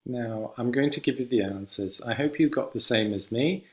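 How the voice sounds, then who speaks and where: Man, English teacher, slow clear delivery, repeats examples, mid-pitched voice. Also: a little mellow. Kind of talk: classroom lesson.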